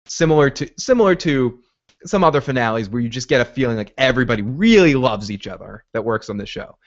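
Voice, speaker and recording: A man hosting a podcast, rambling excitably through a casual recap of a TV episode, with frequent restarts. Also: medium pitch, fast talker, muffled recording. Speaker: podcast host.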